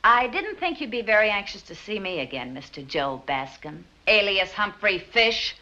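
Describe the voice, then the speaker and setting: An actress playing a cool, sharp-tongued young woman who speaks in a dry, teasing way, in 1940s film style. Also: mid-range voice, big pitch swings, normal speed. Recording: lo-fi old film soundtrack.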